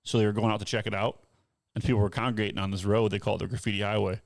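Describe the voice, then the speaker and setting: Brief: low, gravelly male podcast host, dry close mic, lively storyteller. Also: racing, no echo. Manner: animated storyteller, acts out others in a high voice. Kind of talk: casual storytelling chat.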